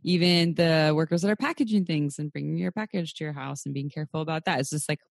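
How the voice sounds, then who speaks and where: A young adult woman hosting a podcast in casual chat, animated and cursing, her pitch jumping sharply. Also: vocal fry, no echo, clean studio sound. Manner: animated, swearing, quick pitch jumps. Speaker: podcast host.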